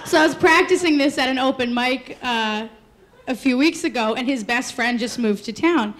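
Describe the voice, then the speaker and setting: A woman's voice: high-pitched, moderate pace. A woman telling a candid, rambling personal story on stage, laughing through her punchlines. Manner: candid, rambling, full of "like" and "you know". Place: storytelling stage before a live audience. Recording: live stage mic with audience noise. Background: audience laughter.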